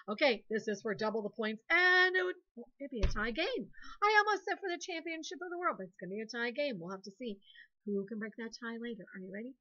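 A woman, a second grade teacher giving a playful, animated phonics lesson to young children. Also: fairly high pitch, fast talker, muffled recording.

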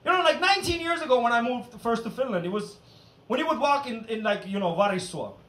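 A man's voice: very high-pitched, animated, fast talker. A man doing stand-up comedy in front of a live audience, with a brash, profane and punchy delivery. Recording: echoey room, far mic, loud crowd and noise.

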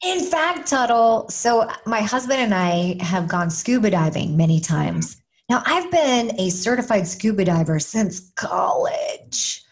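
A woman from Kansas with a Kansas accent, an animated and playful storyteller chatting as a guest in an interview. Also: mid-range voice, unhurried. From Kansas, USA. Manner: animated storyteller, playful, bursts into sing-song. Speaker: guest, motivational speaker. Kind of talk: casual interview chat.

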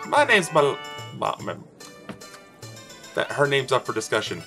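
A man chats through his video game run in a loose, jokey way, teasing the characters on screen. His voice is bright and wildly animated, rising and falling all the time. Soft game music plays faintly behind him. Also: mid-range voice, normal speed. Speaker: let's play host. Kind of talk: casual gameplay commentary.

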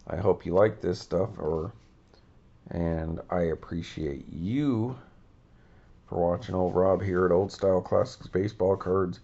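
A low-pitched man with a gravelly, dark voice talks in a flat monotone, hosting his own baseball card vlog. He rambles casually, correcting himself and filling pauses with ums and uhs. The recording sounds a bit dull and lo-fi. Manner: rambling, with many fillers and self-corrections. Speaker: baseball card channel host.

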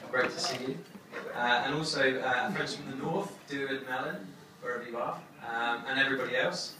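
A young man giving his wedding toast as the groom, halting with many fillers and fighting back tears. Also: mid-range voice. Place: wedding reception hall. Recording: echoey hall from far off, crowd noise.

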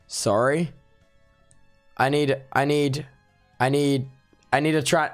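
Man, livestreamer, sleep-deprived, playful teasing, slow drawn-out delivery. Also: medium pitch, steady tone, faint music behind. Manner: playful, exaggerated reactions, teasing chat. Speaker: livestreamer reviewing unban requests. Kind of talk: casual livestream commentary.

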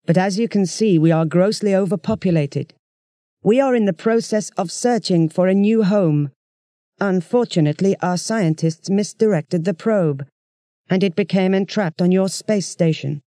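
A reader voicing a soft-voiced ancient rat-like alien ruler who speaks slowly and coldly in a storybook audiobook. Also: mid-range voice, no echo, studio quality, lightly acted. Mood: coldly calm. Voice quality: soft, cottony voice. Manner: slow, measured, menacing.

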